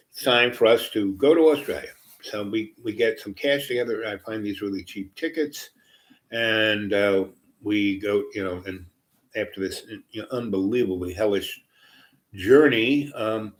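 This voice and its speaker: Rambling older man telling old stories. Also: lowish voice. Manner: meandering, many fillers and asides. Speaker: storyteller. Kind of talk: rambling personal storytelling.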